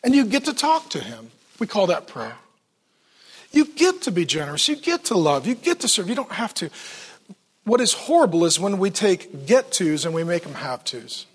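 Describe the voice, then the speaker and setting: High-voiced, lively man preaching. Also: normal speed, slightly rough. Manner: animated storytelling with playful acted quotes. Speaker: pastor. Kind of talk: sermon. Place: church.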